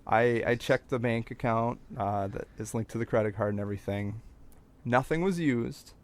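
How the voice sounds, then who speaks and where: Man, young adult, mid-pitched, casual storytelling, rambling, relaxed podcast chat. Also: normal speed. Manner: relaxed, rambling, with filler words and restarts. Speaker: podcast co-host telling a story.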